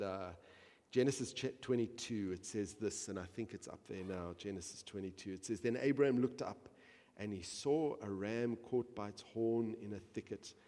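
A man preaching a sermon as pastor, reading scripture aloud and swinging from quiet, measured reading to loud, impassioned preaching. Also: lowish voice, in a large hall.

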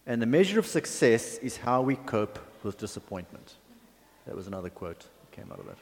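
A man's voice: mid-range voice, sing-song, fairly quick, creaky, darkish tone. A man preaching a sermon in a conversational, chatty way, with asides and fillers. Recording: long hall reverb.

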